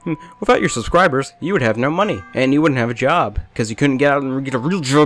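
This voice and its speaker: A man's voice: a little high, brisk, long pauses, faint music behind. A young man giving rambling, jokey, self-deprecating commentary over a game at a home desk mic, hopping from topic to topic. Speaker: let's play commentator. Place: small hot bedroom with a fan running.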